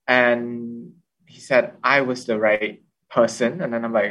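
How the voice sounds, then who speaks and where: A young man speaks with a Cambodian accent, answering interview questions in an unhurried, simple way. His voice sits in a middle range and sounds set back from the microphone. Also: medium pitch, fairly even intonation, a bit bright. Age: young adult. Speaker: podcast guest and host. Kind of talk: interview conversation. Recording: voice from a distance.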